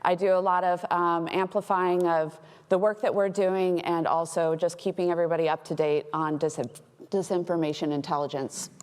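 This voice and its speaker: A woman from Texas giving a conference talk as a threat intelligence analyst, explaining in a clear way with light humor. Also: on the low side, steady tone, moderate pace, a little mellow. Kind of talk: conference presentation. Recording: long hall reverb.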